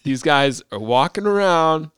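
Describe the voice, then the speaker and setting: A man's voice: fairly high pitch, measured pace, smooth, no room sound, studio quality. A man co-hosting a podcast, chatting casually and profanely about a movie, often slipping into mocking impressions. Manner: animated, profane, mimics movie characters. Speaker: podcast co-host.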